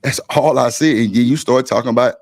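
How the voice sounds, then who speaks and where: Blunt, gravelly-voiced man arguing hard. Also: mid-range voice, quick pace, a little mellow. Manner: blunt, insistent, repeats himself, swears freely. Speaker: stream panel host. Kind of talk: heated argument on a live stream.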